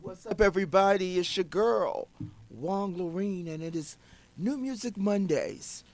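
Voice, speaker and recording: A woman hosting an internet radio show in casual talk, sounding low and saddened, hesitant and full of fillers. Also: a little slow, darkish tone. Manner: subdued, hesitant, many fillers.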